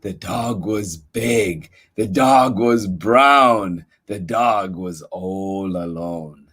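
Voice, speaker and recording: A man reading a picture book aloud to children as a storyteller, playful and expressive, with chatty asides. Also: low-pitched, very slow.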